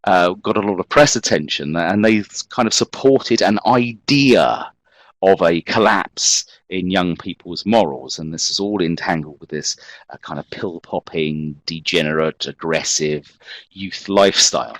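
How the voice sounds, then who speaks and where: A man's voice: deep voice, a little slow, poor audio. A man giving a history lecture, discursive, with wry self-mocking asides.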